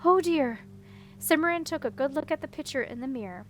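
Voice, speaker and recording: A woman narrating a fantasy children's novel as an audiobook reader, steady and even. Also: sits high, fast, a little hiss or hum, rough recording. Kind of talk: storybook narration.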